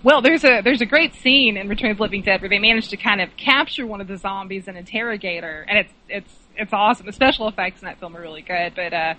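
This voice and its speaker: A woman with a bright, sharp voice chats casually and eagerly. She fills her sentences with little hedges and asides as she talks. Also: mid-range voice, fast, hardly any pauses, poor audio. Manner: chatty, enthusiastic, many fillers. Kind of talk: casual chat.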